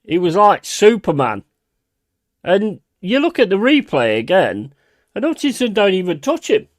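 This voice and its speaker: With a high voice that swings hugely in pitch and a slightly slow pace, a man yells in outraged bursts during his streamed football watch-along, cursing the players and the referee as live match commentary.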